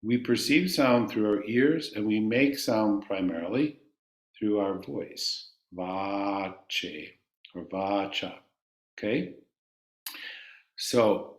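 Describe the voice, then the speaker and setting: A man teaching a chanting class, calmly explaining ideas and singing long vowels for his students to repeat. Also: on the low side, roomy sound.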